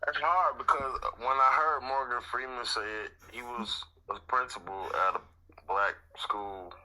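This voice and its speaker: A man's voice: mid-range voice, steady tone, measured pace, sharp tone, poor audio. A man on a podcast, weighing a question thoughtfully in casual chat. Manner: deliberating, thoughtful, hesitant. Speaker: podcast guest judge.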